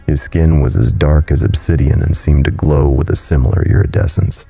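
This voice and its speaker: Very deep gravelly horror narrator. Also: male voice, fairly even intonation, moderate pace, warm tone. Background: faint music.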